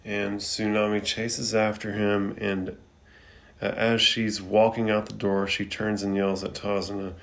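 A man's voice: fairly low pitch, little pitch movement, unhurried, creaky, fairly bright tone. A man recapping an anime episode in a laid-back, casual way, swearing freely and using loose filler words. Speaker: anime reviewer.

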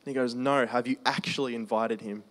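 A man preaching a testimony sermon in a conversational storytelling way, slowing down for emphasis. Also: medium pitch, steady tone, fairly bright tone. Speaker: preacher sharing his testimony.

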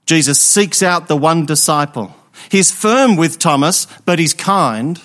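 A man delivers an Easter Sunday sermon in a high, bright-toned voice. He preaches emphatically, leaning on pauses and rhetorical questions to draw in his listeners. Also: animated.

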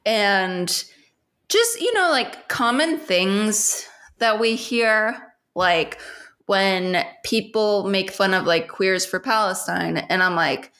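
A woman's voice: medium pitch, takes it slowly, fairly bright tone. A young woman co-hosting a podcast in casual chat, rambling with constant fillers and swearing freely. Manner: rambling, heavy filler "like", frequent swearing and laughs. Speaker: podcast co-host.

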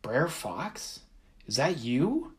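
A man's voice: mid-range voice, very animated, drawn-out words, pitched above the performer's own voice. A man doing a scared but determined boy. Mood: urgent.

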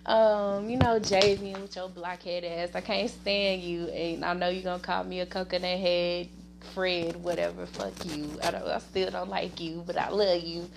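Slow, gravelly Southern woman rambling. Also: fairly low pitch, a little hiss or hum. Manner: rambling, laughs often, gives shout-outs to family and friends. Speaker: podcast host. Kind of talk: casual solo podcast chat.

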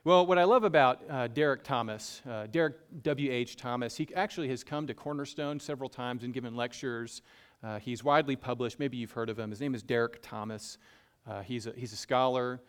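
Brisk and clean-toned with a medium pitch, a Southern-accented pastor preaches conversationally, folksy and self-deprecating, driving points home by repeating them.

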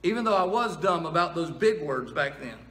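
A man's voice: on the high side, lively intonation, moderate pace, a bit bright, reverberant, big-room sound. Plain-spoken folksy male preacher. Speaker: pastor. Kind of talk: sermon.

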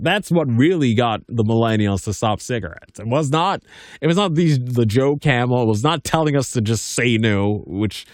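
A man's voice: mid-range voice, no echo. Guy in his 30s doing a podcast, reads news then rambles, lots of like and stutters, dry sound. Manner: rambling, stammering restarts, heavy use of "like". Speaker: podcast host. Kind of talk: reading news aloud with casual commentary.

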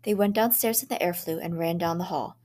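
A woman teacher reading a short story aloud in a measured, dramatic way. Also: lowish voice, a little mellow.

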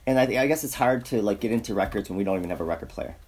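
A man's voice: on the low side, animated, very fast, noisy background. A man hosting a podcast in casual family chat, rambling and joking, repeating himself as he goes. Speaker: podcast host.

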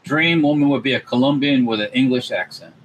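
A man's voice: medium pitch, a little fast, a little hiss or hum, rough recording. A man hosting a podcast, chatting casually and rambling, swearing now and then. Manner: rambling, swears, mimics voices in asides. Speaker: podcast host.

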